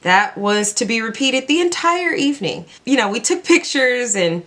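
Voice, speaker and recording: A woman beauty vlogger chatting casually while doing her makeup, telling stories in an excitable, chatty way with lots of "like". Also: fairly high pitch, normal speed. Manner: excitable, chatty storytelling full of "like".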